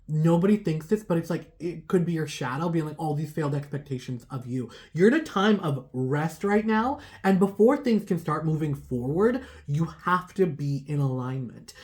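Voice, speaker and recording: A woman's voice: lowish voice, a little mellow. Rambling woman doing a tarot reading. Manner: rambling, many "like" fillers, laughs at herself. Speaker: tarot reader. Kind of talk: casual tarot reading to camera.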